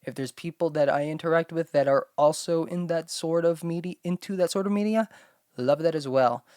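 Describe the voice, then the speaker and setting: A woman's voice: low voice, moderate pace, darkish tone, dry recording, studio quality. A young woman hosting her own chat show, rambling with constant fillers and talking bluntly with plenty of swearing. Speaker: solo podcast host. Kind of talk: casual talking-to-camera chat.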